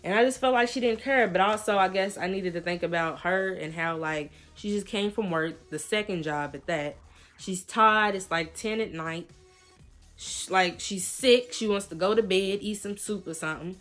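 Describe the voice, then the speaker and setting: A young woman vlogger telling a lively storytime in casual slang, acting out what people said. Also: mid-range voice, moderate pace, faint music behind. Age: young adult. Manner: animated, slangy storytelling with quoted voices. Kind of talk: storytime vlog.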